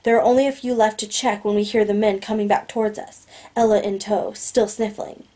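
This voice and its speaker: A woman narrating a novel in the first person, steady and plain. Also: medium pitch, a little fast. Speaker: audiobook narrator.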